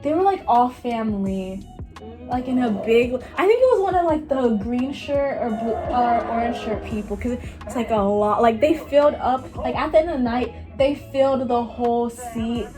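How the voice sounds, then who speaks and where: A high-voiced young woman from Miami, in her late teens, tells a casual storytime full of "like" and little impressions of what others said. Music plays clearly underneath her voice. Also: moderate pace. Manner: rambling, lots of "like", acts out others' lines. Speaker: vlogger. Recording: music playing behind her.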